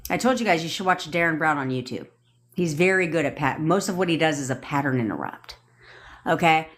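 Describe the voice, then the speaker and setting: A young woman talks into her phone on a livestream. She coaches bluntly, repeats herself for effect and swears freely. Her voice sits a little low but swings widely in pitch. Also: animated, a little fast. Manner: blunt, profane, repetitive tough-love ranting. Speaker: manifestation coach. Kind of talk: TikTok live rant.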